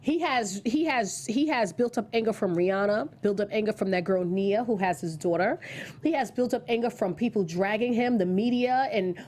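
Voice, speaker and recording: A woman's voice: mid-range voice, normal speed, darkish tone. A woman co-hosting a casual celebrity gossip chat, blunt and slangy, her voice a little sick today. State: slightly sick voice. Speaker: co-host.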